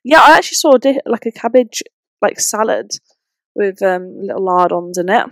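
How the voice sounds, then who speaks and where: A woman's voice: mid-range voice, animated, moderate pace, no echo. A woman co-hosting a podcast, chatting casually with short reactions and asides. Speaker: podcast co-host. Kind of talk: casual chat.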